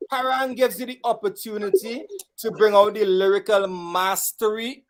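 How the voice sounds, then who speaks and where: A man's voice: high-pitched, fairly even intonation, normal speed. A man with a Vincentian accent, a calypsonian and parang singer talking playfully about his songs. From St Vincent and the Grenadines. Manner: playful, bawdy, shouting out lines.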